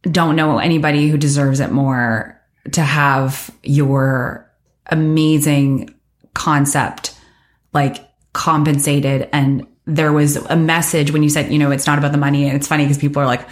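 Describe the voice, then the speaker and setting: A woman hosting a podcast, with a notably low-pitched voice. She talks in a casual, effusive way and drops the odd swear word. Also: little pitch movement, a little slow.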